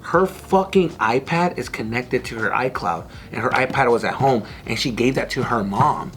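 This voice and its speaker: A man's voice: mid-range voice, lively intonation, normal speed, fairly bright tone, faint music behind. A man co-hosting a podcast, telling a story in casual group chat, swearing a lot and acting out the quotes. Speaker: podcast co-host.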